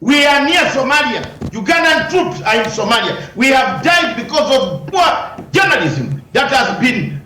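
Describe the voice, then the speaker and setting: A man's voice: very high-pitched, very animated, a little slow, few pauses, bright, forceful tone, roomy sound, a little hiss or hum, rough recording. A man, a lawyer, arguing combatively in a heated news interview, firing rhetorical questions and raising his voice at times.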